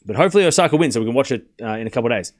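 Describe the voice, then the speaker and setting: Speaking very fast in an expressive, medium-pitched voice, a man runs a live tennis watchalong, calling points as they happen. He's chatty, laughs a lot and talks casually with his chat.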